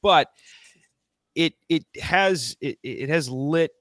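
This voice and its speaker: A man's voice: on the high side, takes it slowly, a bit bright, no room sound, clean studio sound. A man co-hosting a podcast, talking bluntly and crudely in loose, rambling sentences. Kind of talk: casual podcast chat.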